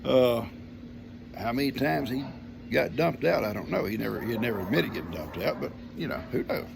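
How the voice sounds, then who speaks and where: A man's voice: medium pitch, expressive, fairly quick, vocal fry, background noise. An older man, telling a family story in a folksy, homespun way. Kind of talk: casual storytelling.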